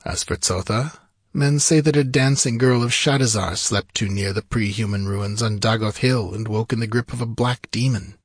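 A man voicing a mocking, ageless male sorcerer in a storybook reading, slow and theatrical. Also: on the low side, breathy edge, no room sound, clean studio sound. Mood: ominous.

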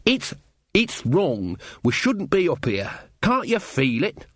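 A man's voice: a little high, huge pitch swings, slow pace, fairly bright tone, slightly rough, dry recording, clean studio sound, pitched above the performer's own voice, exaggerated voice. A man voicing a nervous village blacksmith who has been drinking, anxious and slurring. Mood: frantic.

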